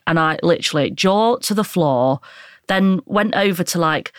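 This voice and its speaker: A woman's voice: on the low side, lively intonation, moderate pace, dry recording, clean studio sound. A woman co-hosting a podcast, chatting in a rambling, giggly way about football. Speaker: podcast co-host. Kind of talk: casual chat and football recap.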